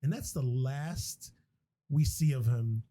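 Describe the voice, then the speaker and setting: Taking it slowly, a podcast host with a dark-toned, mid-range voice goes over a movie plot in casual chat. He rambles, swears, and restarts his story along the way.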